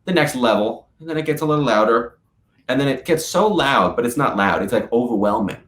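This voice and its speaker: A man's voice: medium pitch, fairly quick. A young man being interviewed as a guest drummer, telling stories animatedly and saying "like" often. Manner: animated storyteller, many "like" fillers. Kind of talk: casual interview chat. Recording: echoey room.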